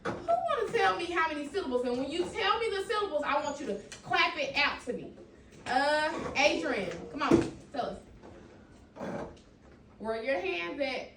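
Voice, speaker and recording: An elementary school teacher with a high, lively voice teaches children a phonics lesson at normal speed, encouraging them, calling on students by name and repeating their answers. She's far from the mic, and the classroom recording is echoey, distant and noisy.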